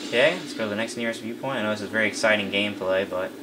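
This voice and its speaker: A man's voice: fairly low pitch, very fast, noisy background. A young man giving casual live commentary over his gameplay. He chats loosely, says "dude" a lot, and often breaks into laughing disbelief.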